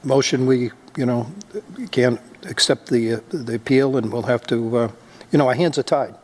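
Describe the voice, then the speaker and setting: A board member speaking in a resigned, matter-of-fact way during a meeting. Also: male voice, medium pitch, fairly even intonation, moderate pace, darkish tone. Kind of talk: meeting discussion.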